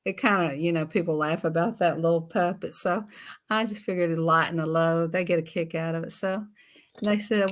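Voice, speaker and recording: A woman's voice: fairly low pitch, steady tone, moderate pace. A woman hosting a casual live chat, rambling in an easygoing way and chuckling often. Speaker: live stream host.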